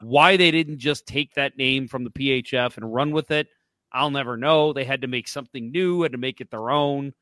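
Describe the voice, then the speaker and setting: A man's voice: medium pitch, normal speed, fairly bright tone, no room sound. Male podcast co-host, mid-range voice, blunt and fed-up, cursing casually; dry close-mic sound. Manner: blunt, exasperated, swears freely. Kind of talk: casual hockey podcast chat.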